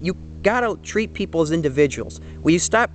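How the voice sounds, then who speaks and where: A man's voice: fairly high pitch, expressive, fairly quick, slight background noise. A young man in his twenties giving an earnest, rambling opinion monologue, full of fillers and restarts. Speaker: vlogger. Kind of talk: casual opinion monologue to camera.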